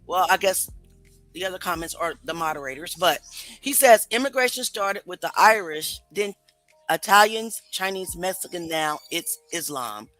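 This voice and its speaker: Bright-voiced woman host, skeptical. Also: lowish voice, animated, moderate pace, no room sound, soft background music, low-quality recording. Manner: skeptical, questioning the audience, reading comments aloud. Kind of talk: live-stream commentary.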